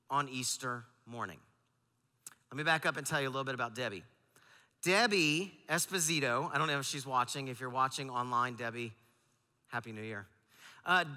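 A man's voice: a little high, bright, forceful tone. A man pastor telling a personal story in a sermon, earnest and peppered with fillers. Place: large church auditorium. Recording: long hall reverb.

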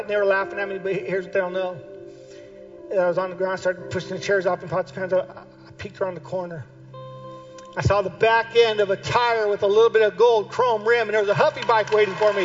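A man with a notably high voice preaches a sermon. He drives home his points by repeating phrases and swells into shouted calls to his listeners. The recording sounds dull and lo-fi. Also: flat delivery, fast, music in the background. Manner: impassioned, builds to shouted exhortation; repeats key phrases for emphasis. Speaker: pastor.

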